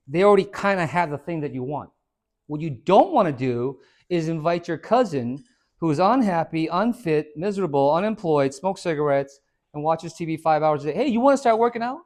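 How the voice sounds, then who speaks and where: A man's voice: fairly high pitch, normal speed. A man, a fitness trainer, gives a casual motivational talk to a small group and acts out the voices of the people in his stories. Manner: animated storyteller who acts out quoted voices.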